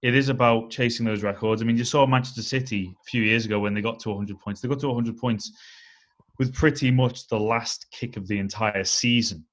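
Measured man talking football. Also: mid-range voice, fairly even intonation, a bit bright. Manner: measured, analytical, leans on "I think" and "um". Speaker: podcast co-host. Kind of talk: casual football chat.

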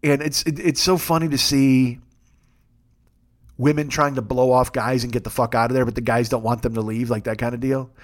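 A man's voice: medium pitch, steady tone, a little fast. A man hosting his own show in a casual comic monologue, rambling and profane with a wry tone. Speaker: podcast host.

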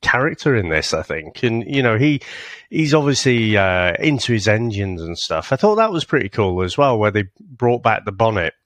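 A man's voice: lowish voice, big pitch swings, moderate pace, fairly bright tone, dry recording. A man co-hosting a podcast, chatting casually and rambling about a film, swearing and laughing often. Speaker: podcast co-host. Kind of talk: casual film-review chat.

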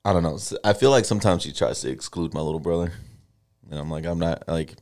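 A young man with a very low voice, co-hosting a casual podcast. He tells stories with energy, acting out the people he quotes, and jokes loosely with his co-host. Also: fast. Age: 20s. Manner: animated storytelling, acts out quoted dialogue.

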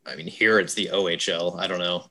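A man's voice: sits low, steady tone, a little fast, sharp tone. Podcast co-host, male, jokey and rambling, casual chat, self-corrects a lot. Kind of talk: casual movie discussion chat.

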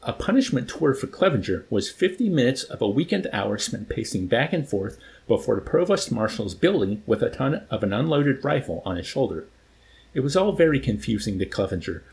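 A man reading a novel aloud in an expressive, varied way. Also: mid-range voice, a little fast, creaky. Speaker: reader.

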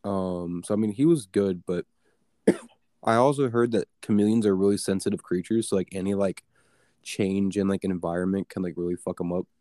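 A man's voice: sits low, steady tone, normal speed, dark tone, no echo, studio quality. A young man telling a story in casual chat, rambling with many fillers and swearing. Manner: rambling, filler-heavy, profane.

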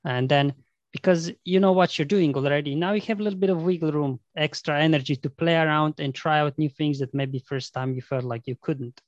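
A man guesting on a podcast, explaining in a relaxed casual way with lots of "you know" and "right?". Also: on the high side, fairly quick, dry recording, muffled recording. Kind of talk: casual chat.

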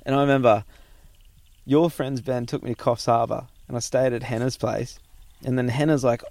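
Animated Australian man in his thirties. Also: mid-range voice, normal speed, no echo. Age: 30s. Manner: animated, swears freely, acts out quoted voices. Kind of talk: casual storytelling chat.

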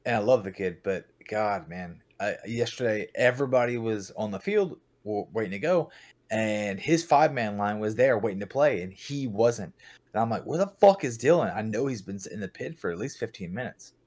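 A young man in casual podcast chat, blunt and profane, telling animated stories about his team. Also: fairly low pitch, moderate pace. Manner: blunt, swears a lot, animated storytelling. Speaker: podcast guest, paintball team captain.

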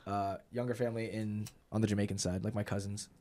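A man's voice: lowish voice, little pitch movement, quick pace, a little mellow. A young man from New Jersey, a podcast guest who owns a gym, talking casually and easily. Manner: easygoing, repeats "yeah, yeah". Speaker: guest, jiu-jitsu gym owner. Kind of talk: casual chat.

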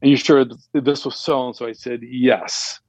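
A man telling a personal story in a casual, animated way, acting out the dialogue with raised voices. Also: medium pitch, moderate pace, husky, no room sound, rough recording. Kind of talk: casual anecdote.

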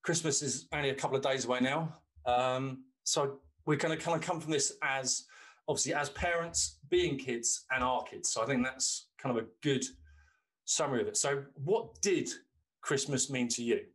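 The man, a podcast co-host, speaks at medium pitch and normal speed with a slightly bright tone. In casual chat he rambles through long anecdotes, swearing freely.

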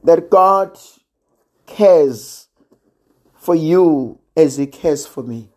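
A preacher giving a sermon in a measured, gently emphatic way, pausing often. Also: medium pitch, animated. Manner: slow, measured, with gentle emphasis and long pauses.

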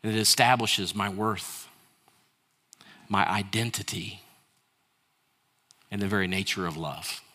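A male pastor preaching a sermon speaks in a lowish voice, a little slowly and with frequent pauses. He poses rhetorical questions, has the congregation answer and repeat lines after him, and shifts between hushed and raised delivery.

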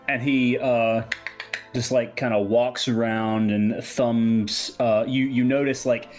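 Male game master, relaxed and rambling in his narration, with soft music underneath. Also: mid-range voice, slow. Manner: casual, rambling narration with fillers.

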